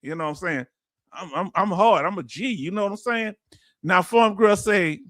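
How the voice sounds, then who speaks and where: A middle-aged man with a Houston accent chats through his live stream, reading out viewers' comments. His voice sits high and bright, and the sound is close and dry. He talks in a folksy, animated way, laughs easily, and calls his audience family. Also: normal speed, no echo. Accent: Houston, Texas. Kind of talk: casual live-stream chat.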